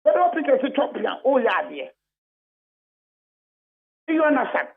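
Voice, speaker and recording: Ghanaian male guest on a phone line, high and lively voice, emphatic and repetitive. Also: moderate pace, creaky, breathy edge. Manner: emphatic, repetitive, mixing English and Twi. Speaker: radio guest, party official. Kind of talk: heated radio phone-in talk.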